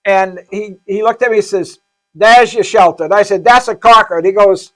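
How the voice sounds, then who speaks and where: A man's voice: sits high, a bit bright. A man, a pastor, telling a story in a casual interview, stumbling and repeating words and acting out the lines of others. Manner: halting, repeats words, acts out quoted dialogue. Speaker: pastor, shelter founder.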